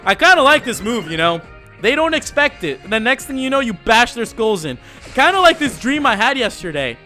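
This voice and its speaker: A man's voice: very high-pitched, sing-song, normal speed, sharp tone, soft background music. A man giving casual, laid-back commentary while playing a video game, slangy and joking. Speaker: let's play host.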